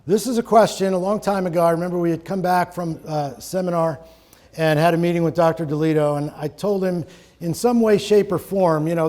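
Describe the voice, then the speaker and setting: A man's voice: fairly high pitch, darkish tone. A middle-aged man from Connecticut presenting a live seminar in a conversational, joking way, to an audience in a room. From Connecticut, USA.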